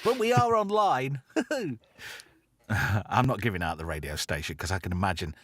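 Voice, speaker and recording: A man's voice: on the low side, sing-song, unhurried, fairly bright tone, slightly rough, no echo. A man hosting a casual online chat show, brash, sweary and mocking in manner. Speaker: radio presenter and stream host.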